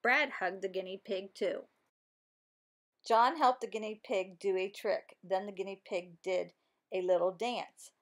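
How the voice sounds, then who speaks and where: A woman reading a children's storybook aloud in an expressive, animated way. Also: mid-range voice, a little slow. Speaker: storybook reader. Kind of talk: children's book read aloud.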